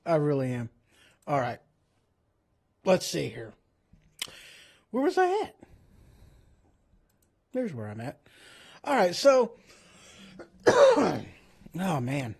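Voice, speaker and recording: A man's voice: a little high, huge pitch swings, takes it slowly, long pauses, a little mellow, husky. A man hosting a casual livestream, rambling and going off on tangents, joking at his own expense, and saying he feels like he is coming down with a cold. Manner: rambling, self-deprecating, goes off on tangents. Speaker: streamer host. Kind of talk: casual livestream chat about the Bible.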